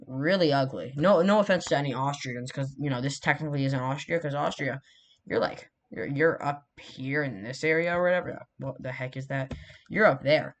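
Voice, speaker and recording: A man's voice: medium pitch, moderate pace. Rambling young man narrating his map. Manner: rambling, self-correcting, jokey asides. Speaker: mapping video creator. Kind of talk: casual commentary while drawing a map.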